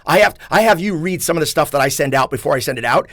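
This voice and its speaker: A man's voice: on the high side, animated, quick pace, fairly bright tone, dry recording, studio quality. A middle-aged man, an attorney and author, talking earnestly and emphatically in a casual podcast conversation, with a self-deprecating streak. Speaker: attorney and book author, guest.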